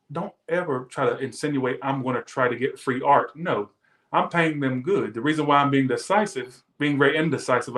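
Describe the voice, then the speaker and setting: A man's voice: a little high, fairly bright tone, roomy sound. A man reading tarot who rants defensively and emphatically to his viewers in casual talk. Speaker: tarot reader.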